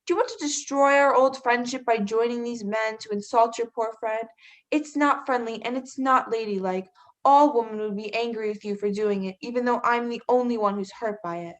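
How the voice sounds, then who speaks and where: A woman's voice: fairly high pitch, normal speed, natural voice. A teenage girl acting as a hurt, jealous young woman in a school stage play, pleading and bitterly sarcastic. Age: teens. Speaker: student actor.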